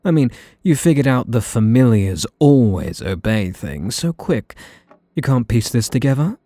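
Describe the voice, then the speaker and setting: In an ASMR role-play, a British-accented man voices a possessive young male mage who is sweetly menacing, speaking softly with a teasing, condescending edge. His mid-range voice swings widely in pitch and moves a little slowly. There is no echo.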